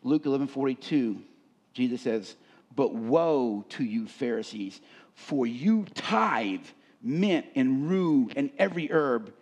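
A male pastor preaching a sermon who asks the congregation to fill in words and rises into animated scripture reading. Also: mid-range voice, takes it slowly.

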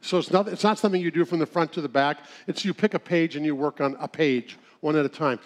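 A middle-aged man with a notably high voice for a man gives a sermon-style talk. He tells homespun stories, often chuckling at his own jokes. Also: quick pace. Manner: folksy storytelling with chuckles. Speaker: speaker at a church seminar.

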